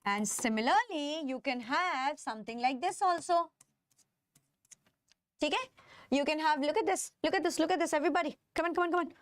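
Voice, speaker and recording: With no room sound and a voice that sits high, an Indian English-accented woman teaches chemistry to a live online class. She lengthens the key terms she emphasizes and keeps checking in with students.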